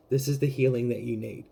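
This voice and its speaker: A man giving a casual tarot reading to camera, rambling with many fillers and gently emotional, close to tears. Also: mid-range voice, steady tone, normal speed, creaky. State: teary, close to crying. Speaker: tarot reader.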